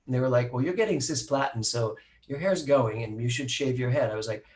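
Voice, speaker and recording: A middle-aged man, a minister, telling a personal story to a live audience, animated and acting out the voices of the people he quotes. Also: medium pitch, fairly quick, few pauses. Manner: animated, acts out quoted voices, laughs at himself.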